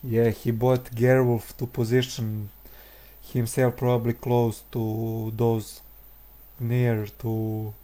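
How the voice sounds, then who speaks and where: A man calls a strategy game match at an unhurried pace, his voice mellow and dark. He keeps his pitch level and even, and often stalls on fillers before finishing a thought. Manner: hesitant, frequent filler pauses. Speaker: game commentator. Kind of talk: live game commentary.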